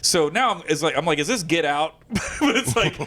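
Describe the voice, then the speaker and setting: A man, a comedian and guest, telling a story in casual conversation, animated and quick to laugh, acting out bits of dialogue. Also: fairly high pitch, a little hiss or hum. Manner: animated, breaks into laughter, acts out lines of dialogue.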